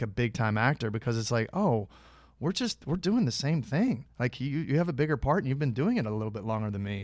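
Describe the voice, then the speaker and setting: A man's voice: mid-range voice, dry recording. Rambling man telling a story, dry close sound. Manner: rambling, many restarts, acts out quoted dialogue. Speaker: actor, podcast guest. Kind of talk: casual anecdotal storytelling.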